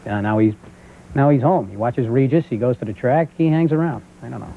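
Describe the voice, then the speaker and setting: A man in his thirties with a New York accent, a comedian guest on a talk show telling stories and jumping into loud character voices. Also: mid-range voice, fairly quick, gravelly. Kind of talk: talk show stand-up storytelling. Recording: tinny phone-like old VHS audio with faint hiss.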